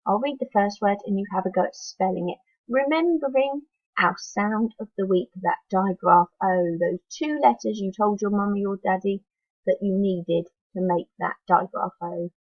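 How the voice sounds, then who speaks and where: A woman teacher leading a phonics lesson for young children, slowly sounding out letters one at a time and encouraging them to join in. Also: mid-range voice, no echo, dull audio. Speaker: primary school teacher.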